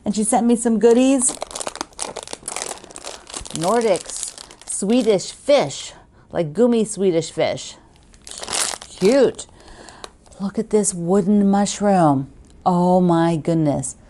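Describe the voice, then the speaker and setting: A woman's voice: mid-range voice, takes it slowly, long pauses, warm tone, slight background noise. A woman hosting a quilting video, chatting casually and gushing as she opens fan mail, laughing often. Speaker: quilting show host.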